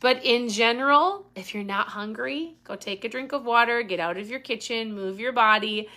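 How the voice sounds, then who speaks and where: A woman's voice: a little high, normal speed, sharp tone. A woman hosting a casual live Q&A, talking with intensity and getting worked up. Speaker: host.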